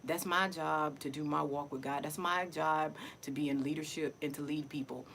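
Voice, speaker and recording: A woman's voice: low voice, steady tone, normal speed, vocal fry, fairly bright tone, slight background noise, poor audio. A middle-aged woman talking casually and emotionally to her viewers in a personal vlog, often repeating herself. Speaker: vlogger.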